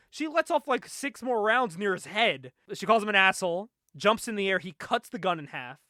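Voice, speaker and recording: A young man in casual conversation, excitedly recapping a comic book, laughing often and acting out the lines. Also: sits high, moderate pace, few pauses, no room sound, studio quality. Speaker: podcast co-host.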